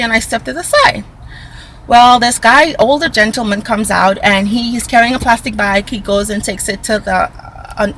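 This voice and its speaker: A woman telling a casual storytime vlog, animated, talking to her viewers and acting out what people said. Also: a little high, slight background noise, low-quality recording. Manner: acts out quoted dialogue in raised voice. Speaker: vlogger.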